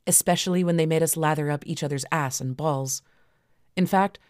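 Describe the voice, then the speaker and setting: Low-voiced woman reading an erotic story. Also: darkish tone, no echo, studio quality. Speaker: audiobook narrator. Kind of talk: first-person erotic story narration.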